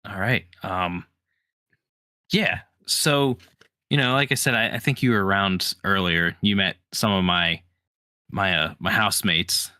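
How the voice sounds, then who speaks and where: Laid back player guy, kinda halting, bright voice, dry. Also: low-pitched, clear, resonant tone, dry recording. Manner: casual, easygoing, halting. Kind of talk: playing a character in a tabletop game.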